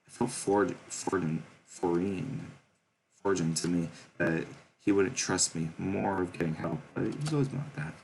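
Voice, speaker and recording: A man's voice: deep voice, expressive, moderate pace, creaky, a little mellow, a little hiss or hum, rough recording. A man reading a visual novel's narration aloud for viewers, stumbling and correcting himself as he goes. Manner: reads with stumbles and self-corrections. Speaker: game streamer.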